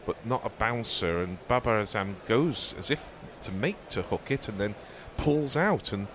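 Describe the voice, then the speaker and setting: A man giving measured, descriptive ball-by-ball cricket commentary on the radio, with occasional fillers. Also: lowish voice, expressive, background noise.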